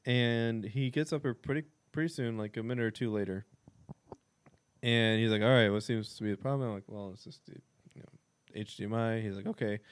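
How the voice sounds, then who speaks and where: A man in casual podcast chat, recounting a story with lots of swearing. He acts out the quotes in animated bursts and laughs between lines. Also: medium pitch, normal speed, clear, resonant tone.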